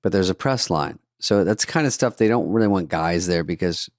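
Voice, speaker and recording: Low-voiced older man, dry sarcasm. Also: lively intonation, fairly quick, no echo. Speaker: podcast co-host. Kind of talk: casual chat. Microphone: studio podcast mic.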